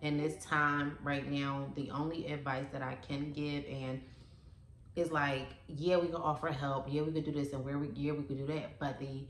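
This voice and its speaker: Earnest low-voiced woman vlogger saying "y'all". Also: level tone, normal speed, roomy sound, slight background noise. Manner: earnest and emotional, says "y'all" often. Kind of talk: casual vlog chat.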